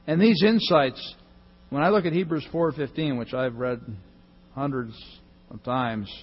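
A male pastor giving a sermon, swinging between loud emphasis and soft, hushed reading. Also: mid-range voice, measured pace, breathy edge, highs cut off.

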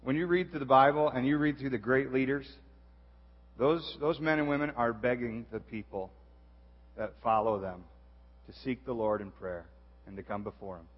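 Brief: young male youth pastor, casual sermon, fillers, mid-pitched, reverberant church sound. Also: moderate pace. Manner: chatty, self-deprecating, many fillers. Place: church auditorium. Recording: dull echoey church hall.

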